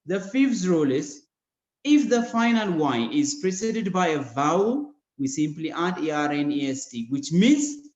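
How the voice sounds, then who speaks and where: A man with an Ethiopian accent teaches grammar over a video call, taking his time and spelling out letters. His voice sits a little high for a man. The audio is dull and echoey, like a call from a bare room. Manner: slow, methodical explanation, spelling out letters. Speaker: English teacher. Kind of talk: online grammar lesson.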